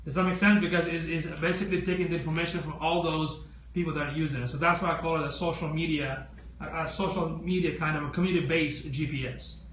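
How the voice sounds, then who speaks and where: A man's voice: fairly even intonation, fast talker, a bit bright, slight background noise. A man hosting a casual live stream, chatting with viewers and asking them lots of questions as he walks through tech products. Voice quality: squeaky voice. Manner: chatty, addresses viewers directly, asks many questions.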